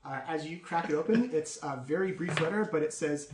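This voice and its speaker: A man's voice: on the high side, brisk, roomy sound, background noise. A man narrating a tabletop game as game master, casual and full of fillers.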